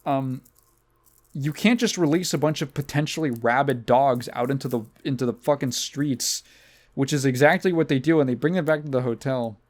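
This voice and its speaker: A man's voice: medium pitch, moderate pace, a little mellow. A man hosting a podcast, rambling and sarcastic as he recaps a movie in casual, swear-filled chat. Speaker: podcast host.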